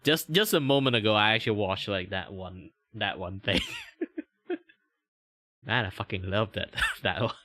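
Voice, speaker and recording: A man's voice: on the low side, moderate pace, long pauses, bright, forceful tone, no room sound, studio quality. A man with a Malaysian accent chatting casually on a stream, laughing often, swearing and restarting his sentences. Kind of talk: casual reaction stream chat.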